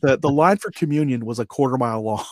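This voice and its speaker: A man in his forties, a veteran guest on an interview show, tells lively anecdotes and acts out the dialogue with frequent chuckles. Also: mid-range voice, fast, dry recording, clean studio sound. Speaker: podcast guest, army veteran. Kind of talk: storytelling interview.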